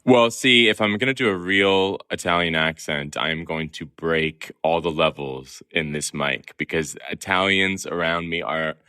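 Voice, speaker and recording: A man guest in a casual interview, animated and laughing easily. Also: low voice, a little slow, hardly any pauses, clear, resonant tone.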